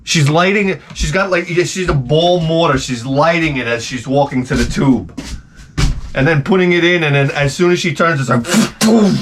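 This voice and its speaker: A man's voice: a little high, normal speed, a little hiss or hum. A middle-aged man, ranting in a rambling, profane comedic monologue. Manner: rambling, profane, animated storytelling. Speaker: comedic host.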